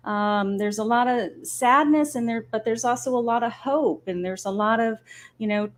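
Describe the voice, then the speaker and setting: A woman with a slightly high voice talks on a live stream as a psychic medium. She speaks casually and haltingly, filling pauses with ums as she goes. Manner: hesitant, many fillers.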